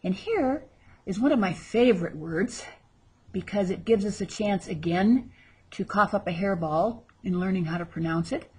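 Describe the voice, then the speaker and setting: In a recorded vocabulary lesson, a Spanish teacher repeats each word with exaggerated pronunciation and slips chatty asides between the drills. Her medium-pitched voice is animated and warm with a slightly rough texture, and she speaks at a normal speed.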